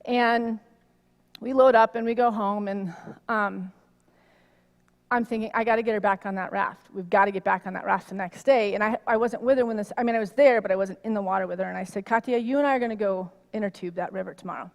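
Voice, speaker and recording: A middle-aged woman giving a conversational sermon, telling a personal story in an animated way that rises loud when she gets worked up. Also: mid-range voice, a little fast. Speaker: minister. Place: church sanctuary. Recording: long reverb of a hall.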